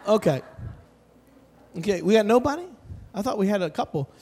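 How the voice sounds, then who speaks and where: A male pastor preaching in an animated, joking storytelling way, breaking into shouts and laughter. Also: high-pitched, a little fast, a little hiss or hum. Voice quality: bald. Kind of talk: humorous storytelling sermon.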